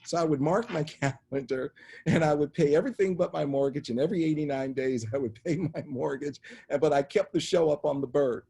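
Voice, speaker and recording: Husky-voiced man telling stories animatedly. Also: fairly high pitch, brisk. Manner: animated anecdotal storytelling, acts out voices in quotes. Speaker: interview guest, media executive. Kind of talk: storytelling in conversation.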